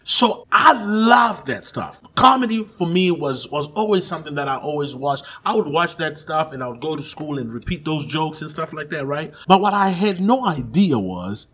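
A middle-aged stand-up comedian from Zimbabwe, telling stories in a casual interview and laughing often. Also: male voice, a little high, moderate pace, few pauses, slightly rough. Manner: animated, laughing storyteller.

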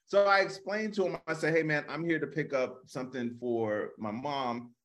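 A man co-hosting a comedy podcast, telling a story in a relaxed, rambling, casual way. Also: on the high side, normal speed. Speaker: comedian co-host.

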